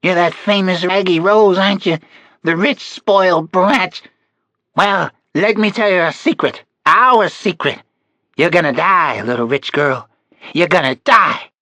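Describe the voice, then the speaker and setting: A male narrator voicing a cruel old woman who holds a child captive, shouting snarled threats. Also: high-pitched, measured pace, no room sound, voice pushed up. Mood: menacing.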